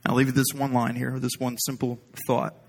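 A man's voice: medium pitch, flat delivery, a little fast. Rambling, humorous preacher man. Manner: conversational, humorous, rambling storyteller. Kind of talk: sermon.

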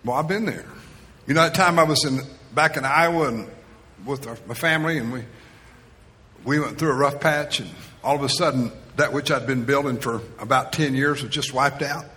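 Bright-voiced preacher in an echoing hall. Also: male voice, medium pitch, normal speed. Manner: storytelling, acts out quotes. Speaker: pastor. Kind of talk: sermon. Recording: reverberant hall.

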